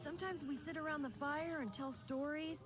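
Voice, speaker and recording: A woman voicing a gentle, earnest young boy in a video game. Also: sits high, fairly even intonation, brisk, music in the background, close to an everyday voice. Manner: soft, earnest.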